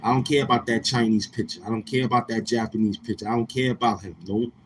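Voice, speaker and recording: A man's voice: mid-range voice, steady tone, quick pace, slight background noise, poor audio. A man hosting a casual livestream, talking in brash, heckling, slang-heavy banter. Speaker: live-stream host.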